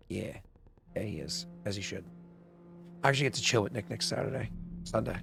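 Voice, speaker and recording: A man's voice: lowish voice, brisk, vocal fry, over music. A man with a New England accent, hosting a live tabletop stream in casual chat and acting out quotes as he tells stories. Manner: animated storyteller, swears, acts out quotes. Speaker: game master and stream host.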